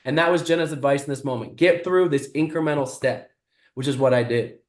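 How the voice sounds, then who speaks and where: A man, a guest speaker, telling a motivational story in an animated, vivid way. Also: medium pitch, fairly quick, roomy sound.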